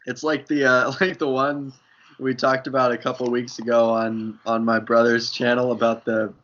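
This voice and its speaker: A young man co-hosting a casual podcast, talking in a hesitant, halting way full of fillers. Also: mid-range voice, flat delivery, a bit bright. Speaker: podcast co-host. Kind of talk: casual chat. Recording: dull lo-fi podcast audio.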